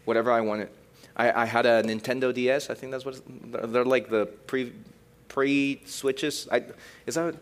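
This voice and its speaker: Young male youth pastor, mid-range voice, animated sermon, loud bursts and quiet asides. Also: medium pitch, moderate pace. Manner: animated, swings from loud emphasis to quiet reflection.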